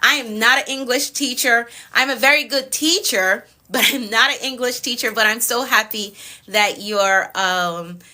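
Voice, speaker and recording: A woman with a Jamaican accent, a productivity coach talking to her live-stream viewers. She recites declarations in a steady pattern and repeats phrases for emphasis. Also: fairly high pitch, normal speed. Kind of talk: live-stream motivational talk with spoken decrees.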